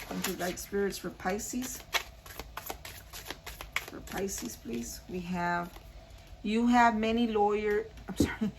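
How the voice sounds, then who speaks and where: A woman's voice: mid-range voice, darkish tone, a little hiss or hum, low-quality recording. A woman doing a casual spoken tarot reading, talking straight to her viewers and repeating her points earnestly. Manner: repetitive, earnest, addresses viewers directly. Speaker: tarot card reader.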